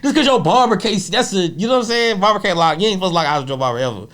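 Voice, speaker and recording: A male comedian chatting as a guest in an interview, his stories loose and rambling. His voice sits a bit higher than most men's. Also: animated, very fast, fairly bright tone. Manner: loose, rambling storytelling with frequent laughs. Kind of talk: casual interview chat.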